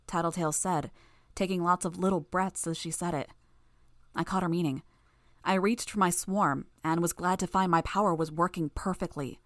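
A woman with a lowish voice telling a first-person story in audiobook narration. Her delivery is steady and even. The recording is dry and close. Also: normal speed, no echo.

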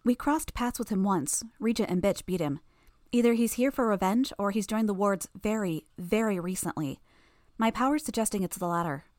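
A woman voicing a sharp-tongued, smug teenage girl villain who rattles off quick explanations in a storybook reading. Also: mid-range voice, no room sound, studio quality, close to an everyday voice. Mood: knowing, urgent.

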